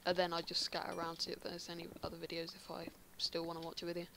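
A woman's voice: fairly low pitch, completely flat delivery, fast talker, background noise. An English woman giving casual commentary while playing Minecraft, chatty and often muttering half-whispered asides to herself. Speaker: Minecraft player.

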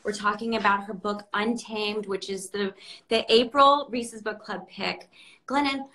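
A woman's voice: medium pitch, steady tone, measured pace, bright, forceful tone, poor audio. A woman hosting a book club livestream, speaking earnestly and reading a quote aloud. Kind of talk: livestream interview.

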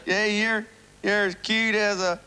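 A man's voice: high voice, flat delivery, a little slow, a crowd in the background, voice pushed up. A man playing a bashful country bumpkin suitor, with a put-on rural Southern drawl and homespun sayings. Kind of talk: sketch comedy acting. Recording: hissy, clicky old TV broadcast.

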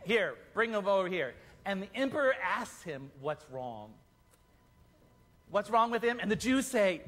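A man leading a children's Easter play, narrating the story and directing the kids in a playful, animated way. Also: high-pitched, unhurried. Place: church hall. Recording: echoey church hall.

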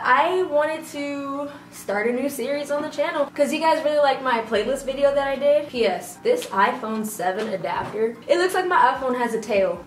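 A woman's voice: sits high, slight background noise. A young woman talking to her viewers in a casual, slangy, joking way while she gets ready, a beauty vlogger chatting through her makeup routine. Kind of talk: casual get-ready-with-me chat. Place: room at home while getting her makeup done. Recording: roomy echo, distant mic, music playing. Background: music from a small speaker.

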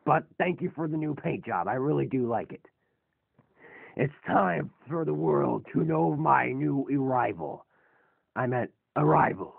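A man's voice: a little high, expressive, measured pace, gravelly, husky, dry recording, full character voice. A man voicing a giant, ancient male robot god in a fan robot drama, sounding bewildered and grumpy. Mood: irritable. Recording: tinny lo-fi phone-like recording.

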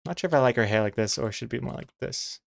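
Speaking fast in a gravelly, medium-pitched voice, a comic artist chats casually on stream as he draws. He muses aloud, replies to chat with ready chuckles, and plays around with how words are pronounced.

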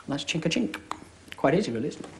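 A young man with a high, sing-song voice and some vocal fry rattles off comic close-up magic patter, joking and chatting fast and constantly asking "all right?" It's recorded in a live TV studio with an audience, with a little hiss or hum.

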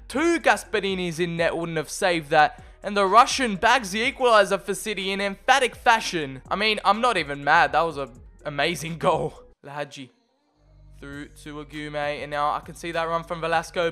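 A young man commentating on his own football video game match, shifting from calm play-by-play to loud excited shouts. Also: high-pitched. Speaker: gaming video creator. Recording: faint background music.

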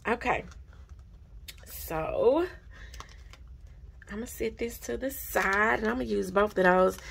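Gravelly-voiced woman gushing over mail. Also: medium pitch, slow pace, slight background noise. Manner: gushing, excitable, repeats herself. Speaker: budgeting vlogger. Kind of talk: casual unboxing vlog. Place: home desk.

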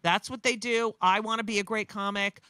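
A woman's voice: mid-range voice, steady tone, fairly quick, pushed and bright, no echo, studio quality. A woman, a comedian talking bluntly and profanely in casual chat, with many restarts. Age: 60s. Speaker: comedian guest.

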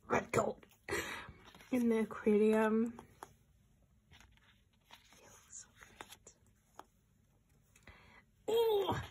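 A young woman vlogger gushes excitedly while unboxing an album at home, often dropping to a whisper and chatting to her pets. Her voice is on the high side with a breathy edge.

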